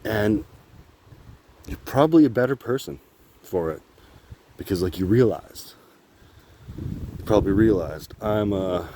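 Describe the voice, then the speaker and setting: A man's voice: lowish voice, animated, measured pace, pauses often, mellow, slight background noise. A man vlogging on his phone while walking outdoors, talking in a meandering, candid way, laughing often and swearing casually. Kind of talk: rambling walk-and-talk vlog. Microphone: phone held while walking.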